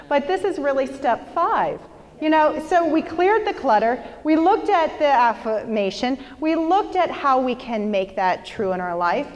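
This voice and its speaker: A woman leading a motivational seminar, talking in a lively, chatty way and putting questions to her audience. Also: on the high side, long reverb tail. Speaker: workshop presenter. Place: lecture hall with an audience.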